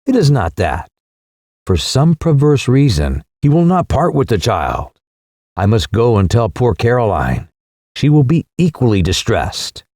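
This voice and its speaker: A man's voice: mid-range voice, big pitch swings, measured pace, darkish tone, no room sound, studio quality. A male narrator voicing a commanding, indignant English widow in an audiobook reading. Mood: decisive. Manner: decisive, scolding.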